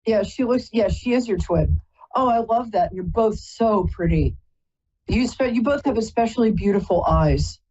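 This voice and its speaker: A woman's voice: medium pitch, expressive, moderate pace, warm tone, husky, dull audio. A woman hosting a live call-in psychic reading, chatty and rambling, often stopping to apologize. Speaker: psychic reader and host.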